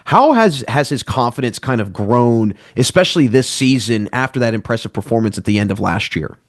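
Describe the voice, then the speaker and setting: A man's voice: mid-range voice, animated, fairly quick, no room sound, clean studio sound. A man interviewing a coach, asking long, wordy questions with a few "uh"s.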